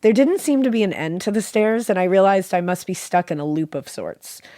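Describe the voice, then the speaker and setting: A woman with a sick voice reading a listener's dream story aloud as a podcast co-host, animated and joking. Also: medium pitch, brisk, no echo, studio quality. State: sick, voice a little off.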